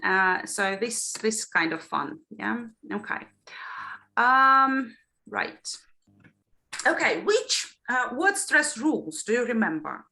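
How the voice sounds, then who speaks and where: A woman's voice: a little high, sing-song, slow pace, creaky, bright, forceful tone. A woman teaching an online phonology lesson over a video call. She explains patiently and keeps checking in with her students. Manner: explains patiently, often checks in with "yeah?" and "right?". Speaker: teacher trainer.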